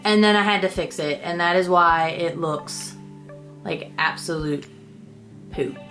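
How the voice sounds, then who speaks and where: A woman's voice: lowish voice, a little slow, a bit bright, soft background music. Chatty woman rambling through a declutter. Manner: chatty, rambling, self-deprecating, swears casually. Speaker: beauty vlogger. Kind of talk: casual makeup declutter chat.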